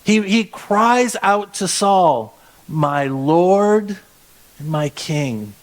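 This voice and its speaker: Man, pastor, preaching a sermon, fairly high-pitched, chatty, stretches words for emphasis. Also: lively intonation, very slow. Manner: conversational, with frequent restarts and emphatic stretched words.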